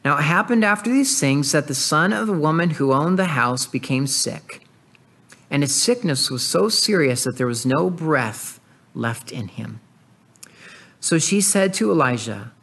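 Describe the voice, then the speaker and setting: A man with a slightly raised speaking pitch delivers an earnest expository sermon. He walks through a scripture passage, reading it aloud and reflecting on it. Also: lively intonation, unhurried, gravelly, fairly bright tone, husky. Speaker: pastor.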